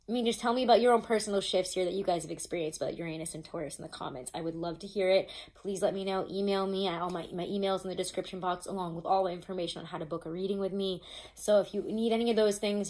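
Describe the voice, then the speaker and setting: A tarot reader with a lowish, slightly mellow voice chats her way through a relaxed reading, cursing freely. She reads from notes, trips over them, and restarts often.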